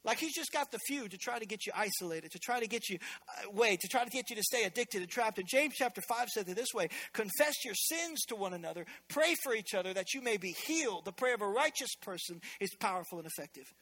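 High bright-voiced pastor guy preaching in church, lively and chatty. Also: fast. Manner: energetic, conversational, joking asides. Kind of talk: sermon.

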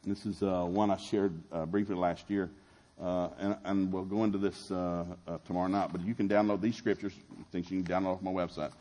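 A middle-aged man, preaching a sermon in a lively way and acting out the voices he quotes. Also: deep voice, brisk. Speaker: pastor.

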